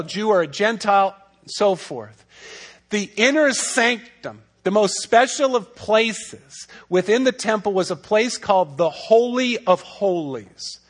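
High-voiced man preaching with emphasis. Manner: conversational, emphatic preaching with rhetorical questions. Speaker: pastor. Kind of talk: sermon.

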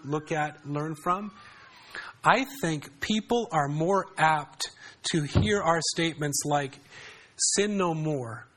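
Preaching in a relaxed, conversational style, a pastor frequently asks his congregation questions. His voice sits on the high side and has a slightly bright quality.

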